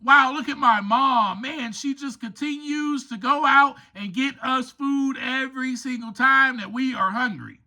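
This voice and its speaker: A man's voice: extremely high pitch, a little slow, few pauses, bright, forceful tone, full character voice. A man voicing a proud cheerful lion cub. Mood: admiring. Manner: wide-eyed, admiring, exclaiming.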